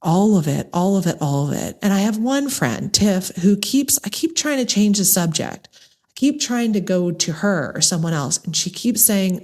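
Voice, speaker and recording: A woman's voice: mid-range voice, normal speed. A middle-aged woman hosting a podcast, talking candidly and earnestly straight to her listeners in a personal monologue, with an American accent. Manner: candid and earnest, warm direct address with lively emphasis. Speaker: podcast host.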